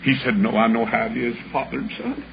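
Folksy preacher telling a story. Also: male voice, medium pitch, steady tone, fast. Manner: folksy storyteller, acts out each voice, builds to shouts. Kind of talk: storytelling sermon. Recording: dull lo-fi recording with clear background hiss.

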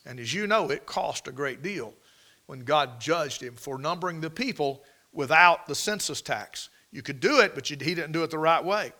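A man's voice: a little high, expressive, moderate pace, sharp tone. A male preacher giving a sermon in an emphatic, folksy way, often asking his listeners questions. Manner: emphatic, folksy, asks the congregation rhetorical questions.

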